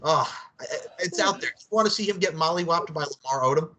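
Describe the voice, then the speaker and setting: A man's voice: on the high side, animated, fast, sharp tone. A man hosting a casual podcast chat, rambling, profane and often laughing. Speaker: podcast host.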